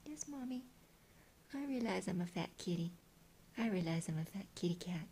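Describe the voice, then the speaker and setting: A woman voicing a plump, smug female house cat in a high, cooing, half-whispered voice. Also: animated, normal speed, mellow, slight background noise. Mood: content.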